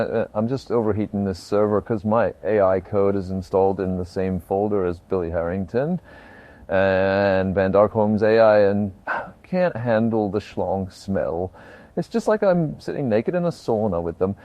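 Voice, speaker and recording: A synthetic man voicing a sarcastic, foul-mouthed streamer. The voice is lowish and very dry, with no room sound. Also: moderate pace, darkish tone, no echo, muffled recording, natural voice. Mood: whiny. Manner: swearing, sarcastic, whiny. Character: irritable male streamer, crude and sarcastic.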